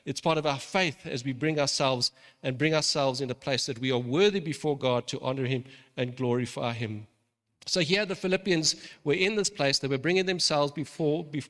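A man's voice: a little high, fairly bright tone. A man preaching a sermon in an earnest way, often restarting and repeating words. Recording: long reverb of a large hall.

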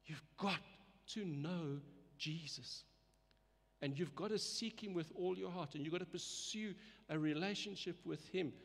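A man's voice: sits high, measured pace, vocal fry. A man preaching a sermon in an earnest way, often repeating words and letting his voice rise and fall for emphasis. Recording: long reverb of a hall.

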